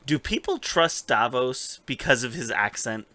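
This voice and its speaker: A man co-hosting a casual recap podcast, retelling scenes with animated storytelling, swearing and acting out the characters' lines. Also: mid-range voice, unhurried, no room sound. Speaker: podcast co-host.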